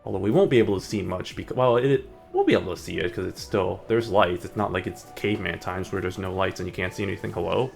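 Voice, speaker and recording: A man's voice: deep voice, fast talker, gravelly, hardly any pauses, darkish tone, faint music behind. A young man streaming a driving game, rambling in casual commentary and mocking himself. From United States. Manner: rambling, self-mocking, breaks into sung snippets.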